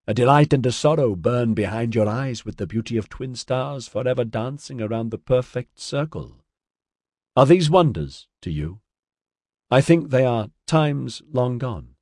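A man reading an audiobook, voicing an ancient, sad female alien who speaks in slow, lilting riddles. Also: mid-range voice, lively intonation, darkish tone, no echo, studio quality. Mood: mournful. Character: ancient serene female alien singer, mournful.

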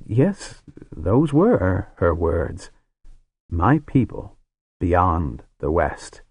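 A man voicing a grave male wizard who tells a story with solemn, hushed awe. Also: sits low, big pitch swings, very slow, breathy edge, no room sound, full character voice. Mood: shaken.

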